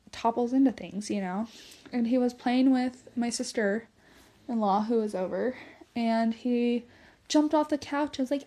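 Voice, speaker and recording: Young female podcast host, chatty storyteller, voice sits a bit high, laughs a lot. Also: dark tone. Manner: chatty, laughs often, lots of "like". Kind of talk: casual storytelling monologue.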